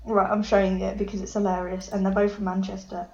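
A woman's voice: medium pitch, flat delivery, fast talker, darkish tone, highs cut off. A woman in her late teens from England co-hosting a casual podcast, giggly and self-deprecating. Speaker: podcast co-host. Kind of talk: casual chat.

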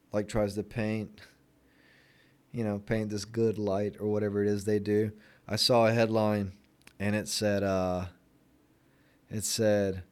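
A young Florida vlogger with a smooth, slightly mellow, lowish voice chats loosely to camera, stuffing his talk with fillers. When something irritates him he turns sarcastic and cutting, then slides back into easy small talk.

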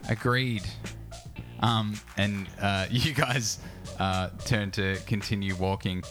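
Deep-voiced young male game master. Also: fairly even intonation, slow, a bit bright, soft background music. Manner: casual, many fillers. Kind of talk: narrating a tabletop game.

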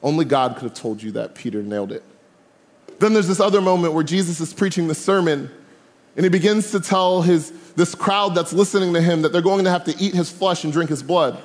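A man preaching to a camp crowd, animated and funny, mixing slang into his storytelling. His voice sits notably high, and a large hall lets every phrase trail off in long reverb. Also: fairly quick. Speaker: camp speaker. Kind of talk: youth sermon. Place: large room with live audience.

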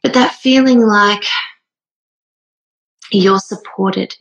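Woman in her thirties, gravelly fry, rambling heartfelt monologue, near tears. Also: medium pitch, unhurried, a bit bright, low-quality recording. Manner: earnest, rambling, with many fillers. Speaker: speaker sharing a personal story.

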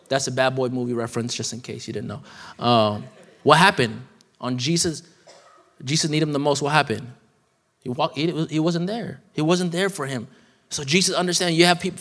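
A man's voice: fairly high pitch, fairly bright tone. A man in his thirties preaching a sermon in a casual, conversational way, with slang and asides. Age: 30s. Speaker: guest preacher. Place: church sanctuary. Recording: church hall reverb.

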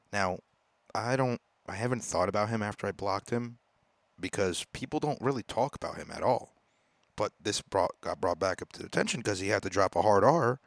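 A man hosting his own podcast in a casual, profane rant that swings between loud outbursts and low mutters. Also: no echo. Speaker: podcast host. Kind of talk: casual ranting monologue.

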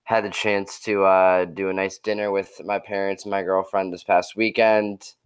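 A man with a low, smooth voice, talking easily and without hurry. He co-hosts a casual podcast chat. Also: level tone, normal speed. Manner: laid-back, easygoing. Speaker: podcast co-host.

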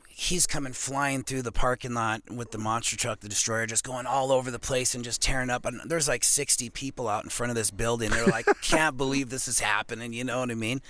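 A man from Montana, a professional arm wrestler, telling a long casual story as a podcast guest, rambling and animated with lots of "you know what I mean". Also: medium pitch. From Montana, USA.

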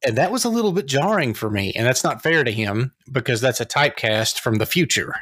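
Excited guy gushing about a movie on a podcast, dry close mic, laughs a lot. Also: medium pitch, a little fast, slightly rough, no echo. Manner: enthusiastic, laughs often, says "dude". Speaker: podcast co-host. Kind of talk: casual movie review chat.

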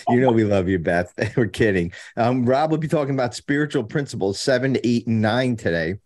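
A man hosting a recovery podcast in casual, joking chat, rambling with many fillers and restarts and clearing his throat. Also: mid-range voice, lively intonation, moderate pace, darkish tone. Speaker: podcast host.

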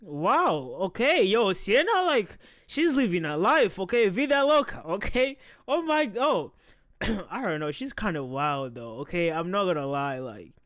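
A man's voice: high-pitched, very animated, measured pace, fairly bright tone, no room sound, studio quality. A man hosting a podcast, reacting casually to a video, laughing often and swearing, torn between amusement and unease.

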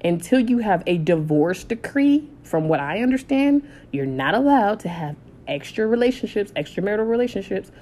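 A woman in her thirties telling a personal story in a casual, animated way, blunt and swearing freely. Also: medium pitch, normal speed, few pauses. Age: 30s. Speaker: storytime vlogger.

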